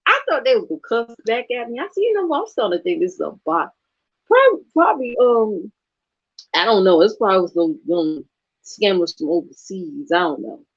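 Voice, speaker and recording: Woman, blunt sassy rant, swings her pitch a lot, dry slightly dull sound. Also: husky, dry recording. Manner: blunt, sassy, profane, laughs often. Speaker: channel host. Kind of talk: casual vlog rant.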